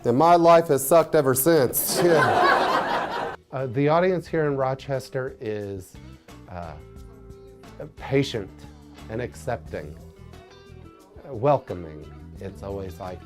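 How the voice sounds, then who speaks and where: Slow-talking man with Indiana twang. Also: medium pitch, over music. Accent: Southern Indiana twang. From Southern Indiana. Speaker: comedian. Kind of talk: stand-up comedy and casual interview.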